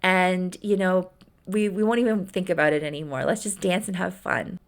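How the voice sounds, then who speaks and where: A woman's voice: lowish voice, steady tone, moderate pace, close to an everyday voice. A woman voicing a young woman on a date, chatty and reassuring. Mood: chirpy.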